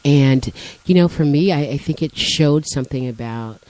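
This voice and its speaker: A woman's voice: deep voice, normal speed, a little mellow, no echo, rough recording. A woman co-hosting a casual chat, teasing her partner and lecturing him on words and definitions. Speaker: co-host.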